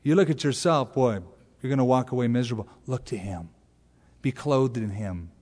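A man preaching an expository sermon as pastor, animated and acting out little voices. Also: medium pitch, normal speed, in a large hall. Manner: animated, acts out voices and exaggerated asides. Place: large church sanctuary.

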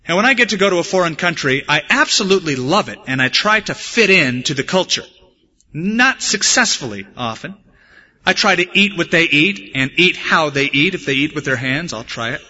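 Male pastor from the States, sermon delivery, earnest with touches of humor, sharp ringing tone, muffled recording with long reverb. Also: a little high, animated, moderate pace. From United States. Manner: earnest preaching mixed with humorous personal stories. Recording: dull, echoey church hall recording.

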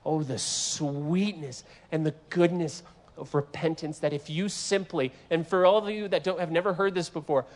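Animated, joking male preacher. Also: on the high side, normal speed. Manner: animated, joking, acts out voices in the scripture. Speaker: guest preacher. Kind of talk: sermon.

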